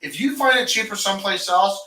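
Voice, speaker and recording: A man's voice: sits high, a little fast, bright, forceful tone, distant mic. A shop owner talking in a casual podcast chat, heated and profane, ranting about his business. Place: garage. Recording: roomy garage, off-mic.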